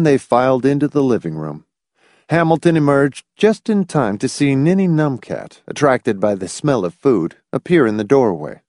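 A man narrating an audiobook with expressive, lively storytelling. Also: medium pitch, no room sound, clean studio sound.

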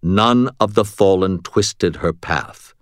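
A man voicing a calm male archangel who speaks slowly and deliberately, with dry wit, in an audiobook reading. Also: low voice, no room sound. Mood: wry.

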